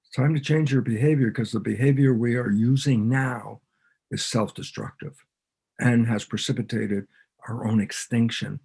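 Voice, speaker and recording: A man's voice: medium pitch, fairly even intonation, normal speed, creaky, darkish tone, breathy edge. A man, a biologist guest on a podcast, explaining ideas in conversation and animatedly acting out both sides of imagined dialogues.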